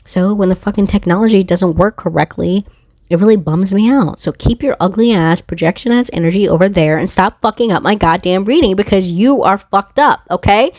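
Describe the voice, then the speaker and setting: A woman's voice: medium pitch, brisk, a little mellow, no echo. Blunt, profane woman reading tarot. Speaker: tarot reader. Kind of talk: casual tarot reading monologue. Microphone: phone.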